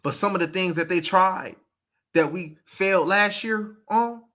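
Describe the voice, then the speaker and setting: Man, sports show host, emphatic casual football talk, fairly high voice. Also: a little slow. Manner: animated, emphatic, repeats points.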